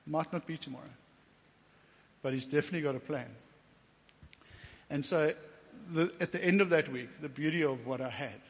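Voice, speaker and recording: South african guy preaching his testimony, kinda high voice, big church echo, emotional and chatty. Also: steady tone, normal speed, long pauses. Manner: emotional, getting teary at times; conversational with fillers and quoted inner speech. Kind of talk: personal testimony sermon. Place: church hall. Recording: long church reverb.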